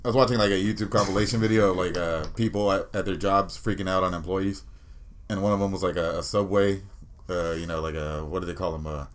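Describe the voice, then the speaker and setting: A man's voice: low-pitched, fairly even intonation, fast talker. A man co-hosting a podcast, rambling through stories in crude casual banter with many fillers. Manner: rambling, lots of fillers and laughs. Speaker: podcast co-host.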